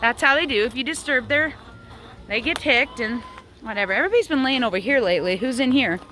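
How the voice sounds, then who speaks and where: A woman's voice: lively intonation, quick pace, bright, forceful tone, slight background noise. Chatty woman vlogging in her backyard. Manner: chatty, coos high at her chickens. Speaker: vlog host. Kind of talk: casual outdoor vlog. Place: backyard chicken coop outdoors.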